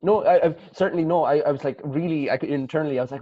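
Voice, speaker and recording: A man's voice: fairly high pitch, racing, no room sound. A man with an Irish accent, a panelist asking thoughtful, rambling questions with restarts in a casual video-call conversation. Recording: dry, muffled lo-fi call audio.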